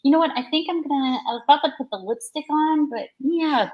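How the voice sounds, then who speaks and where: A woman hosting a live makeup stream with a high voice. She chats casually and jokes at her own expense. She laughs between remarks. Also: fast, dull audio. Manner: chatty, self-deprecating, laughs between remarks. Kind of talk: casual chat.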